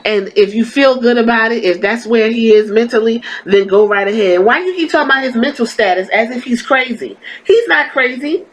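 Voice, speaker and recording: A woman's voice: fairly high pitch, fairly quick, few pauses, rough recording. Profane, fired-up woman podcast host. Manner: profane, exasperated, blunt. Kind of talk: ranting wrestling commentary.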